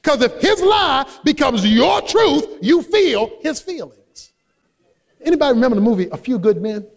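A man, a pastor, delivering an emphatic sermon that swings between soft asides and shouted high points. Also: very animated, moderate pace, long reverb tail.

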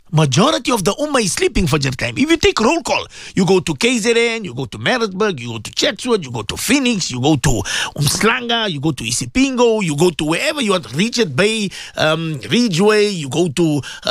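A man preaching on the radio in a high, swooping voice, heated and insistent. He keeps firing off rhetorical questions and repeating himself for emphasis, close to a dry studio mic. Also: fairly bright tone, no room sound. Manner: fervent, repetitive, rhetorical questions. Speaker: radio presenter giving religious advice. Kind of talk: impassioned radio sermon.

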